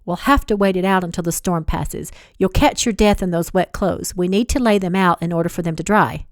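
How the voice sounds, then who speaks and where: A woman voicing a gruff young cowboy who speaks in a lowered, sneering voice during a storybook romance reading. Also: brisk, no room sound, studio quality, natural voice.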